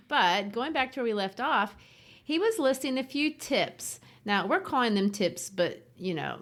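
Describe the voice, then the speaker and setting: Lively woman literature podcast co-host. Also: mid-range voice. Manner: lively, thoughtful, explaining. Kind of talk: casual literary discussion.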